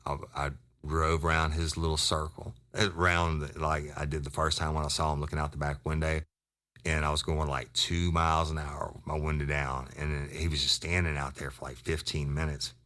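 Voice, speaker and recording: A man's voice: a bass voice, little pitch movement, normal speed, bright, forceful tone. A man who hosts a podcast and is a retired detective tells a rambling, profane story in a casual way, full of restarts.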